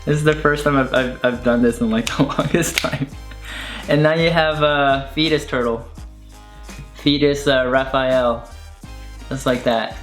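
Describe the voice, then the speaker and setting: A young man talks through his childhood toys in a loose, rambling way, with plenty of fillers. His voice sits at an ordinary middle pitch. The room has a noticeable echo, and soft music plays underneath. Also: steady tone, a little slow, long pauses. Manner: rambling and enthusiastic, full of "like" fillers. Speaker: online video creator. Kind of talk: casual chat showing toys. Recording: echoey room with faint music.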